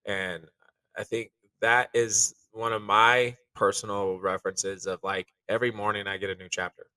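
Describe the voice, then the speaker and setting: A chef speaking candidly on a podcast, earnest and reflective, with lots of "like" and "you know.". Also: male voice, fairly low pitch, flat delivery, normal speed, pushed and bright, clear, resonant tone, dry recording, distant mic, rough recording. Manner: earnest and reflective, many fillers.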